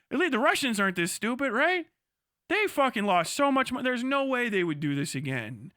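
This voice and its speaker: A man's voice: extremely high pitch, moderate pace, clean tone, no room sound, studio quality. A man streaming live who gives crude, incredulous reaction commentary, swearing constantly and exclaiming in disbelief. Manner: profane, incredulous, animated. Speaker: livestreamer.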